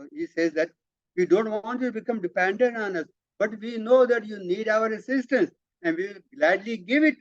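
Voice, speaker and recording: A man leading a spiritual study session, explaining emphatically with repeated words and halting restarts. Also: sits high, no room sound. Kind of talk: explanatory talk, reading out and commenting. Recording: dull lo-fi, dry sound.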